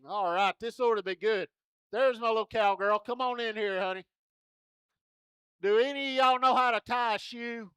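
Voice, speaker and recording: A man's voice: sits high, normal speed, a bit bright, clear, resonant tone, no echo, clean studio sound. A man at a rodeo arena, coaxing children into a contest in a folksy, joking way over a handheld mic. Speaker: rodeo entertainer running a kids' contest. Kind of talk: lively arena crowd-work.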